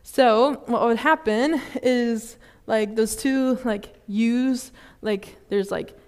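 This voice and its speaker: A woman's voice: fairly high pitch, slow pace, darkish tone, clean tone. Chatty young woman preaching. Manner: casual and chatty, many fillers, laughs at herself. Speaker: student ministry speaker. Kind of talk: sermon. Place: church service hall.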